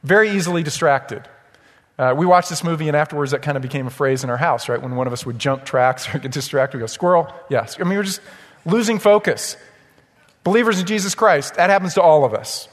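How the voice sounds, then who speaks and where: A man's voice: a little high, fast, big-room sound. A man preaching a sermon as pastor, emphatic and often checking in with the congregation. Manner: emphatic, repeats "right?" to the congregation. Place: church sanctuary.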